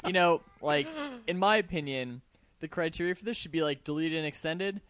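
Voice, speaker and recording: A man's voice: fairly high pitch, fairly quick, background noise. A man co-hosting a casual podcast chat, talking loosely with lots of fillers and frequent laughter. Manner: chatty, laughs often, many fillers. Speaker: podcast co-host.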